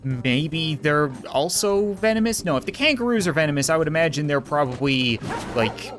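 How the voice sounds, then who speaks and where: A man's voice: fairly high pitch, expressive, moderate pace, a bit bright, faint music behind. A man doing comedic let's-play commentary, sarcastic and mock-indignant, laughing often. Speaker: gaming YouTuber.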